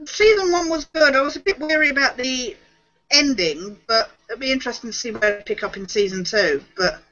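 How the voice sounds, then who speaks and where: A woman's voice: sits high, fairly quick, fairly bright tone. A woman co-hosting a casual live film chat. She hesitates a lot with ums, over lo-fi online call audio. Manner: chatty, hesitant, full of ums. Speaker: co-host.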